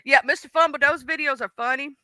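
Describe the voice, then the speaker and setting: A woman's voice: sits high, quick pace, pushed and bright, no echo. A woman hosting a livestream, chatting casually and gossiping with viewers, greeting commenters by name with slangy asides. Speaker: livestream host.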